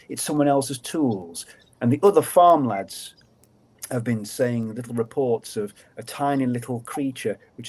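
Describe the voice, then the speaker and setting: A man, a guest storyteller on a podcast, narrating a folk tale in a lively, dramatic way. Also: mid-range voice, slightly rough.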